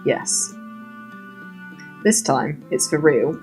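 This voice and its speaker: A man's voice: on the high side, animated, very slow, music in the background, exaggerated voice. A woman reading the lines of a serious, secretive young man in a story game, earnest and hesitant. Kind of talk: reading game dialogue aloud.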